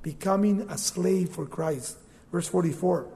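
A man preaching a sermon as the pastor, animated and conversational, acting out the figures in quick asides. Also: high-pitched, vocal fry. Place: church. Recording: long reverb of a church hall.

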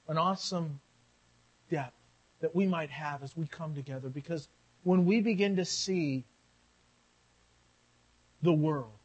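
A man preaching a sermon as pastor. He swings between shouted, excited exclamations and quiet, earnest passages, and chuckles now and then. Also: fairly high pitch, breathy edge, rough recording.

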